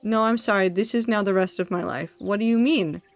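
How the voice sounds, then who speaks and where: A woman streaming herself building in a game, thinking aloud, talking to herself and her chat, quickly excited and dramatic. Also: medium pitch, faint music behind. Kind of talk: casual live-stream commentary while building in a game.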